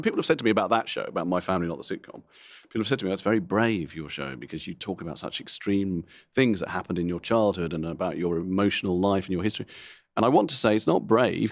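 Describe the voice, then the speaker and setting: A middle-aged comedian talks candidly in a low-pitched voice, rambling through frank, self-deprecating asides. The recording is close and dry with no room sound. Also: male voice, no room sound. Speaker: comedian guest. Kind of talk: candid interview talk.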